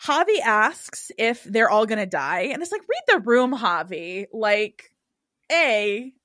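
Animated woman recapping a show. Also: slow pace, no room sound, clean studio sound. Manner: animated, acts out quoted lines in higher voices. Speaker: podcast host recapping a TV show. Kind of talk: casual chat.

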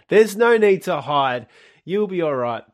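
A man's voice: sits high, dry recording. A man co-hosting a podcast in casual chat, with a dry, teasing, sarcastic manner. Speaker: podcast co-host.

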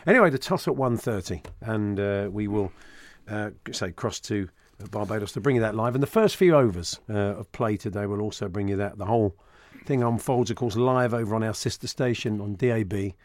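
A man's voice: on the low side, brisk, hardly any pauses, no echo. A man hosting a sports talk radio show, chatting casually with frequent fillers into a studio microphone.

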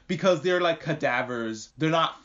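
A man from New York hosting a casual podcast recap, with profane, animated, rambling commentary. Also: a little high, moderate pace. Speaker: podcast host. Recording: muffled lo-fi recording.

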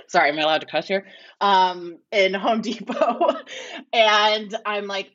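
A woman's voice: medium pitch, moderate pace, a bit bright. A woman guest tells a long story in a casual, rambling way, full of filler words. She replays each exchange in quotes. The recording sounds slightly dull and lo-fi. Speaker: podcast guest.

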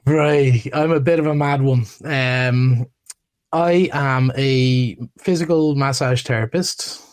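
A man appearing as a podcast guest, talking casually in a relaxed, hesitant way with many ums. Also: medium pitch. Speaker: guest, massage therapist. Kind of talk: casual interview chat.

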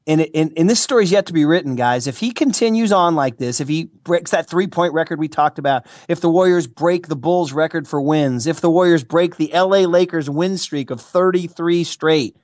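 An American man, a regular pundit, talking sports in a casual, animated way with playful mock emotion. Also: a little high, normal speed, hardly any pauses, no echo, highs cut off. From United States. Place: California, Bay Area.

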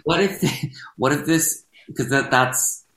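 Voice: medium pitch, a little slow, fairly bright tone. Give me a chatty actor in an echoey room. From United States. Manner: chatty, rambling, many restarts and "like"s. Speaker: guest, actor. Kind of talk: casual podcast chat. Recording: roomy echo.

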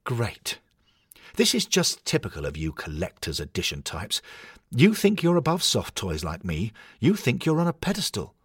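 A man's voice: mid-range voice, wildly swooping pitch, normal speed, slightly rough, dry recording, studio quality, pitched above the performer's own voice. A man voicing an anxious male cuddly hornet mascot toy who pleads and grumbles. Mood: exasperated. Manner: fretful, pleading, exasperated.

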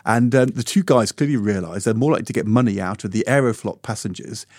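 A middle-aged man co-hosting a podcast, telling a lively anecdote in casual chat. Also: on the low side, fast talker, dry recording, clean studio sound. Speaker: podcast co-host.

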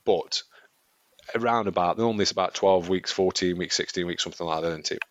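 A man co-hosts a casual running podcast in a low-pitched voice, talking fast. The sound is lo-fi with slight background noise, and he rambles along while laughing often.

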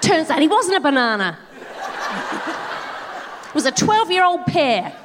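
A woman co-hosting a live comedy show on a theatre stage, tossing off dry, quick-witted quips. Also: high voice, big pitch swings, noisy background. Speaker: comedy podcast co-host.

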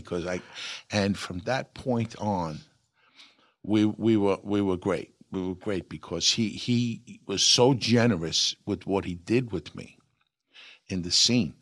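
Gravelly older New man telling stories. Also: on the low side, takes it slowly, dry recording, studio quality. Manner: animated anecdote-teller acting out quotes. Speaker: actor guest. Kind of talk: storytelling interview.

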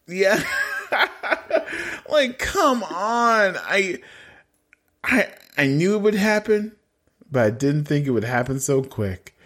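A man's voice: fairly high pitch, a little slow. A man co-hosting a podcast, chatting casually and dramatically about a reality dating show, mock-exasperated and laughing often. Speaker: podcast co-host. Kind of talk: casual reality-TV recap chat.

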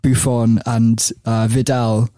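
A man's voice: mid-range voice, little pitch movement, slow pace, mellow, dry recording. Man telling stories, laughing often. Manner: chatty, laughs often, many fillers and restarts. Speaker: podcast host. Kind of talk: podcast storytelling.

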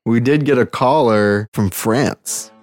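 A man's voice: medium pitch, takes it slowly, darkish tone, faint music behind. Easygoing male podcast co-host. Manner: easygoing, introduces clips. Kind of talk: casual comedy banter.

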